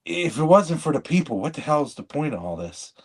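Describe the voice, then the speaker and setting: A man with a slightly high voice talks in casual podcast chat. He is blunt and rambling, cutting himself off and restarting mid-sentence. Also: big pitch swings, brisk, slightly rough. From living in Michigan. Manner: rambling, blunt, self-interrupting. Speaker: podcast co-host.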